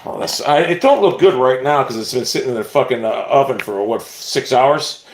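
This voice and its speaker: A man's voice: mid-range voice, normal speed, echoey room, slight background noise. A man chatting casually on a livestream from his home kitchen into a phone, rambling and swearing as he snacks. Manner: rambling, profane, easily excited.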